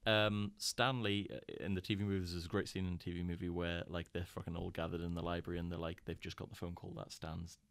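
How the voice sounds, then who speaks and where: A young man with a very low, deep voice chats loosely about films on a podcast. He rambles, retelling scenes at length with filler words and casual swearing. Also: level tone, fast, few pauses, fairly bright tone, smooth, no room sound. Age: young adult. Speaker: podcast co-host. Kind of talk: casual film chat.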